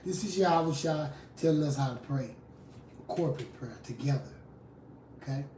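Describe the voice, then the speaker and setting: A fiery street preacher in a confrontational live sermon. The voice drops low for scripture, then bursts out loud. It is recorded from well back from the mic, in a room with a strong echo. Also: moderate pace, background noise. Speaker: street preacher and rap artist. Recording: roomy echo from a distant mic.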